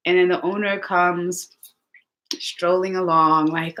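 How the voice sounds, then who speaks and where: Woman, lowish voice, chatty vlogger, animated storytelling, casual talk to viewers. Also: takes it slowly. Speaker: lifestyle vlogger.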